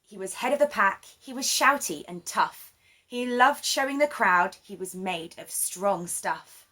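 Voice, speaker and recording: A woman reading a rhyming children's picture book aloud, with an expressive, sing-song delivery. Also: medium pitch, a little slow. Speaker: children's story reader. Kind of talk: rhyming storybook read-aloud.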